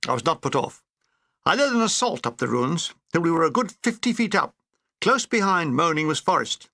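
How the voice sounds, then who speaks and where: A man's voice: a little high, sing-song, normal speed, pushed and bright, no room sound. A man reading a comic war memoir aloud with dry, wry storytelling. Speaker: audiobook reader.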